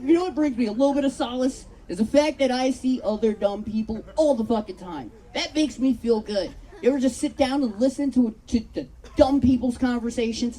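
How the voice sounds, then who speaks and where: Stand-up comic, woman, high voice, rambling self-deprecating stories, live show. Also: warm tone. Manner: loose, self-mocking storytelling with acted-out quotes. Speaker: stand-up comedian. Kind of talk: stand-up set. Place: outdoor patio comedy show. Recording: live show with crowd faint. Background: audience laughter.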